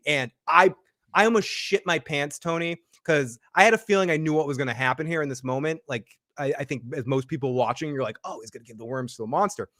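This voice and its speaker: A man co-hosting a TV episode recap, talking excitedly and acting out the characters' lines. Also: a little high, fast, dry recording, clean studio sound. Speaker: podcast co-host.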